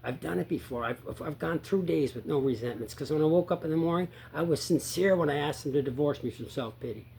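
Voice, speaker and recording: A man coaching sobriety in a casual talk to viewers, earnest and repeating himself, rising to loud emphasis and dropping to quiet, low asides. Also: fast, creaky, few pauses.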